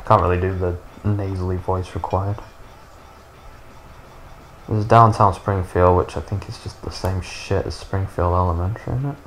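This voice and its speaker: A man's voice: sits low, steady tone, moderate pace, a little hiss or hum. A man in his thirties giving sarcastic, sweary, rambling commentary while playing a video game. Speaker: gaming YouTuber. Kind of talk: casual gameplay commentary.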